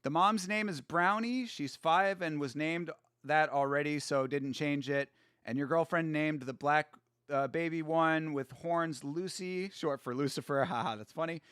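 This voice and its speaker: A man hosting a casual live watch-along, excitable and profane, trash-talking fighters, reading viewer chat aloud and laughing often. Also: a little high, measured pace, clear, resonant tone, no echo, clean studio sound. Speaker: host.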